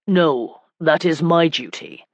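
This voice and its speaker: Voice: mid-range voice, lively intonation, slow pace, no room sound. A narrator voicing a stern, commanding medieval knight lord in an audiobook, speaking in firm, clipped orders. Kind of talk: audiobook character reading.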